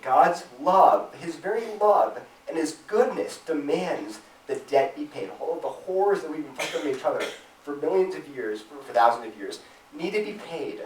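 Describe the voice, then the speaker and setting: A man's voice: fairly high pitch, lively intonation, moderate pace, a little hiss or hum. A man giving an earnest, emphatic talk to a campus Christian group, acting out imagined objections in a raised voice. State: choked up with emotion at times. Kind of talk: apologetics talk to students. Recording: roomy, distant from the mic.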